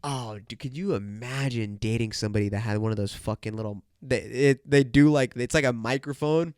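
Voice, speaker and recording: A man's voice: mid-range voice, fairly quick, hardly any pauses, a little mellow, clean tone, no echo, clean studio sound. A young man hosting a solo podcast, congested and nasal, rambling and joking with lots of swearing. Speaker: podcast host. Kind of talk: casual solo podcast chat. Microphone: podcast microphone.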